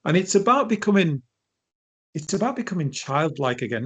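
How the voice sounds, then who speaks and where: A middle-aged man, talking as a guest in an interview, telling animated stories with frequent restarts. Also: a little high, normal speed, slightly rough. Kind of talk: conversational interview.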